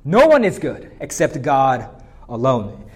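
A man's voice: mid-range voice, wildly swooping pitch, a little slow, breathy edge. A male pastor preaching an expository sermon, lifting his voice on emphatic points.

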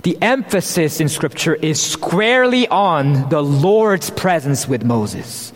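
Male pastor preaching, high voice, earnest and emphatic, big echoey hall. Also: lively intonation, slow. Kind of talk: sermon. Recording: long hall reverb.

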